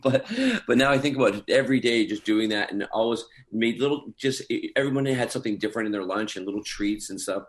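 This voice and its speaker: Low-voiced guy talking fast in an interview, rambly, lots of you knows. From Scottish heritage through his parents. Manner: rambling storytelling, many fillers. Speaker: actor guest. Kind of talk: casual interview chat.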